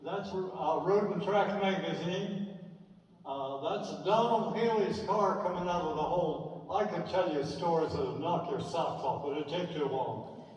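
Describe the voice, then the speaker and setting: An older man with a fairly high voice tells stories in a relaxed, chatty way as he clicks through old photos. He sounds distant from the mic, and his voice rings around a large echoing theater with a long reverb tail. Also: measured pace. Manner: chatty, anecdotal, with dry asides. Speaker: speaker presenting a slideshow. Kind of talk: casual reminiscing talk over slides. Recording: echoey hall, distant from mic.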